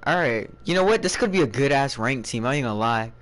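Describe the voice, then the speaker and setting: A man's voice: medium pitch, animated, fast, fairly bright tone. A man hosting his gaming session over voice chat, bantering with teammates, swearing casually and laughing often. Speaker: gamer and channel host.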